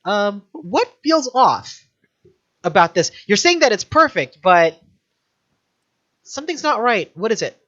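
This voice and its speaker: A woman narrating a tabletop game as game master, easygoing and quick to laugh at the material. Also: medium pitch, very animated, a bit bright, dull audio. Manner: easygoing, laughs at the material, asks players questions.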